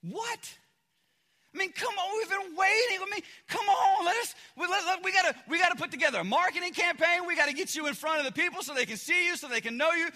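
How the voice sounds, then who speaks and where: Guy preaching and putting on a bunch of hyped young disciple dudes, yelling high and bright, big echoey hall. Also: heavily acted. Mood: indignant. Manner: shouting, fast and giddy. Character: excitable young male disciples, brash and eager.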